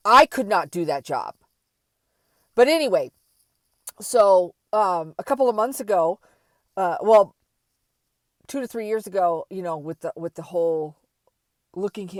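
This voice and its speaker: Woman, middle-aged, lowish voice, slow unhurried delivery, candid rambling storyteller, dry close sound. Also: no room sound. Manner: rambling, animated, frequent fillers and restarts. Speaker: vlogger.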